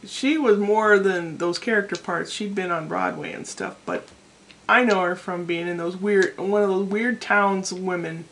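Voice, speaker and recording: A woman's voice: mid-range voice, measured pace, a bit bright, a little hiss or hum. A middle-aged woman from the United States chats on to her camera at home, wandering from topic to topic. Her talk is loose and digressive, with plenty of self-mocking asides. The sound comes straight from the camera's own microphone. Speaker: vlogger. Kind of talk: casual rambling vlog monologue.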